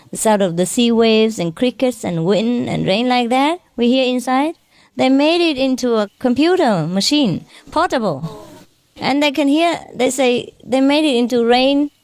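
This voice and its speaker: A woman's voice: a little high, animated, a little slow, no room sound. A woman spiritual teacher giving an informal lecture, chatty and self-mocking, often ending phrases with a questioning "huh?". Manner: self-mocking, joking about her broken English.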